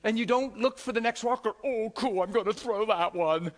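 Animated preacher, higher-voiced man. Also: moderate pace. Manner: animated storyteller swinging from shouts to hushed whispers; laughs while talking. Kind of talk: sermon with personal stories.

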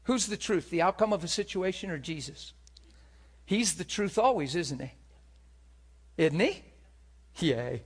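A man preaching a sermon, moving between hushed, whispered moments and loud, impassioned stretches. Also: sits high, animated, unhurried, long pauses, breathy edge.

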